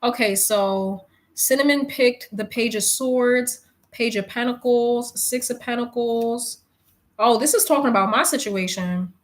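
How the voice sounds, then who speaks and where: A woman doing a casual live tarot reading, chatting, animated and swearing casually. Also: on the high side, a little slow. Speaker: live-stream tarot reader. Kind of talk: casual live-stream chat.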